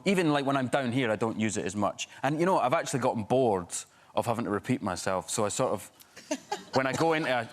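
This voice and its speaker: A Scottish actor telling anecdotes on a chat show sofa, chatty, with plenty of false starts. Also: male voice, mid-range voice. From Scotland. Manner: chatty storyteller, many restarts. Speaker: actor guest.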